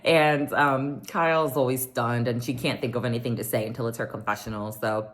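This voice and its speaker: Her voice is very deep and steady, and she talks briskly. This woman chats casually through a reality show recap, dropping plenty of "um"s and frequently performing the lines others spoke.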